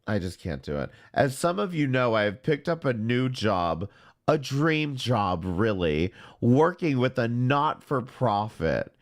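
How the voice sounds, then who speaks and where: A man hosting a commentary show, talking in a sarcastic, deadpan way. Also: medium pitch, slow. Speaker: commentary channel host. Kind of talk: casual mocking commentary.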